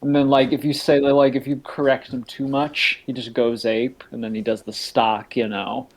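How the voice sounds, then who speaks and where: A young man co-hosting a casual podcast, rambling through animated comic bits. His voice has a gravelly edge and sits at a middle male pitch. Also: moderate pace. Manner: rambling, animated storytelling with laughs. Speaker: podcast co-host. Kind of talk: casual chat.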